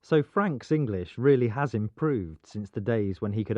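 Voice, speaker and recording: Lively male presenter, dry studio. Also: lowish voice, normal speed, no echo. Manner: clear, explanatory. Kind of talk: scripted educational narration. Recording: dull, dry studio sound.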